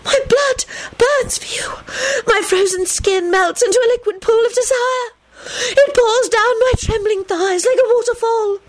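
A wailing, swooning water spirit. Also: female voice, extremely high pitch, voice pushed up, poor audio. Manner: slow, wailing, breathy theatrical pleading. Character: seductive female water spirit, melodramatic. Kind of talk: audiobook narration.

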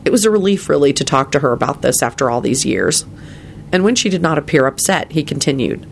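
An animated reader telling a fantasy story, with the pitch rising and falling a lot through the telling. The voice has a gravelly edge, and a faint hiss of noise sits under the recording. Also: quick pace. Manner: expressive storytelling. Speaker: narrator. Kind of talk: reading fan fiction aloud.

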